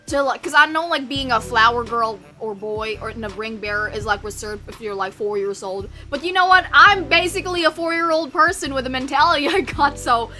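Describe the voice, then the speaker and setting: A woman's voice: sits high, a little fast, hardly any pauses, sharp tone, soft background music. A young woman streamer from the United States chatting casually with her live chat, bubbly, rambling and swearing as she mocks herself.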